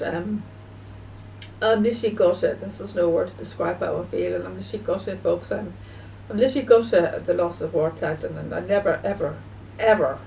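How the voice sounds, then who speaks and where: A woman video blogger speaking in a casual, halting way, full of fillers and restarts, and sounding emotional and grieving. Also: fairly low pitch, creaky, dark tone, recorded from a distance, slight background noise, rough recording. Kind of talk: casual spoken remembrance.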